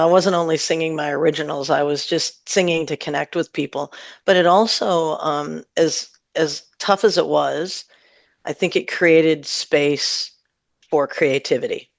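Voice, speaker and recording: A middle-aged woman talks through her music career in a rambling, friendly way, often laughing between thoughts. Her voice has a gravelly, creaky texture. The sound is dry and close, with no room echo. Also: low-pitched. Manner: chatty and warm, laughs often, rambles with fillers. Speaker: singer-songwriter guest. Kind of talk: casual interview chat.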